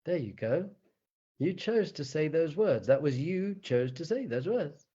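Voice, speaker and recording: A man, a rabbi, teaching meditation in a conversational, animated way, often chuckling and asking the listeners rhetorical questions. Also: fairly high pitch, unhurried, slightly rough, muffled recording.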